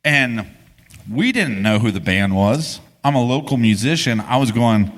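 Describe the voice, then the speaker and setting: A man's voice: lowish voice, lively intonation, moderate pace. A man, co-hosting a live podcast on stage and telling a story in a casual, rambling way with many restarts. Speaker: podcast co-host. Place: podcast festival stage before an audience. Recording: live stage with long hall reverb.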